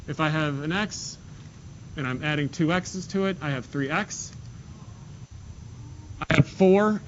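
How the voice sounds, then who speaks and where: A male math teacher whose voice is on the high side and fairly bright leads his class through problems step by step, making jokes along the way. This classroom lesson was recorded dull and lo-fi, with a faint hiss.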